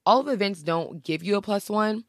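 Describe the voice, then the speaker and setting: Brief: young female podcast host, bubbly and chatty, mid pitch, dry close sound. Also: lively intonation, a little fast, dry recording. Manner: bubbly, gushing, lots of slang. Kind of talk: casual chat.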